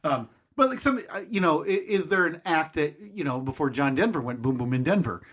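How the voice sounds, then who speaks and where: A man's voice: a little high, expressive, fairly quick, a bit bright. A man in his thirties co-hosting a podcast, telling a long story in a casual, rambling, self-mocking way. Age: 30s. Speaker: podcast co-host.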